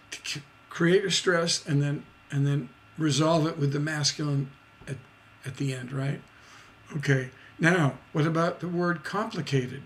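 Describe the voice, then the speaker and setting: A man's voice: on the high side, creaky. A man teaching songwriting in a livestreamed lesson, scatting syllables to show rhythm and checking in with "right?".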